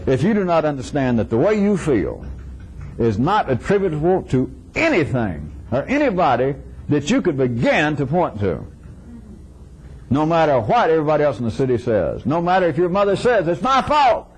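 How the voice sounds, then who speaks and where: A man's voice: a little high, big pitch swings, normal speed, a little mellow, husky, rough recording. A man giving an informal philosophical lecture to a live audience, wry and chuckling, acting out little dialogues in shifting voices.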